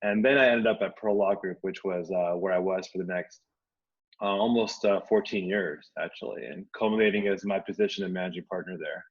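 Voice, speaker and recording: Low-voiced male attorney guest. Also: a little fast, dull audio. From United States. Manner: relaxed, hesitant with ums. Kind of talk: casual interview chat.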